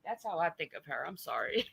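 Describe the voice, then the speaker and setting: A woman's voice: sits low, sing-song, normal speed, creaky, a bit bright, breathy edge, no echo, low-quality recording. A woman hosting a livestream, talking in blunt, profane, casual chat. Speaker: livestream host.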